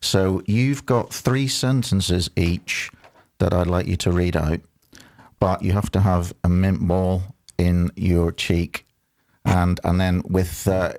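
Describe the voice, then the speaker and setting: Hesitant, low-voiced male radio host. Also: fairly even intonation, slow, darkish tone. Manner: hesitant, many ums and restarts. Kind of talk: casual radio chat.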